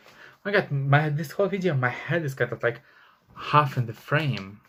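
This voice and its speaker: A man's voice: on the high side, expressive, moderate pace, a bit bright, slight background noise. Man, giving an emphatic tarot reading. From Russia. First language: Russian. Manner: chatty and emphatic, heavy on "like" fillers and swearing. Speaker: tarot reader. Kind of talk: casual tarot reading to camera.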